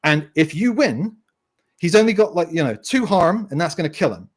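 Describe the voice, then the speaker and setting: A man chatting casually as a guest game designer, telling tabletop stories in an animated way and swearing freely. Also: a little high, normal speed, slightly rough. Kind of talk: casual chat.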